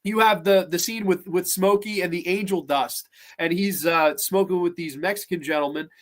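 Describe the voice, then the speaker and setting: Profane, animated man recapping movies. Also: high voice, normal speed. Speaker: podcast host. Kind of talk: casual movie chat.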